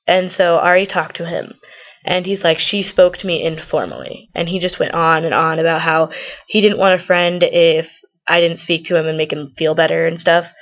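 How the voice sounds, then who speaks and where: A woman's voice: lowish voice, little pitch movement, normal speed, highs cut off. A teenage girl vlogging, retelling a falling-out with a friend in a rambling, gossipy way. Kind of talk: casual storytelling to camera.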